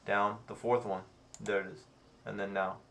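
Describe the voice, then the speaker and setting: Dad coaching a young player. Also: male voice, lowish voice, flat delivery, moderate pace, vocal fry, a bit bright. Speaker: player, father. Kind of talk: casual chat while gaming.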